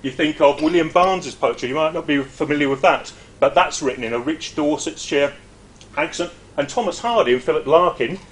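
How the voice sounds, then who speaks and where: His voice a little high and his pace fairly quick, a middle-aged university lecturer delivers a casual academic presentation. He's lively and talkative, with frequent hesitations and side remarks.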